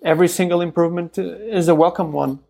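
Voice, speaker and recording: A podcast co-host in their thirties in casual tech chat, often pausing and repeating words while thinking. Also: medium pitch, steady tone, creaky, dark tone. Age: 30s.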